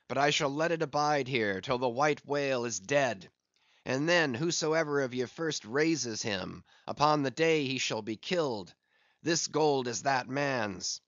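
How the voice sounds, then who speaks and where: A man playing a grim, obsessed old sea captain in a storybook reading, declaiming his lines and barking orders to his crew. He speaks at an unhurried, deliberate pace in a mid-range voice, heard close and dry with no room around him. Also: medium pitch, fairly bright tone, no echo, dull audio. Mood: solemn.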